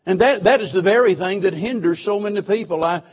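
A man's voice: high voice, a little fast, breathy edge. A man preaching a sermon to his church, emphatic, repeating key phrases and asking the listeners questions.

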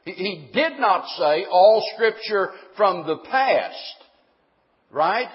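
A man's voice: sits high, expressive, slow pace, long reverb tail, lo-fi sound. A man preaching a sermon, emphatic, putting questions to the congregation and answering them himself.

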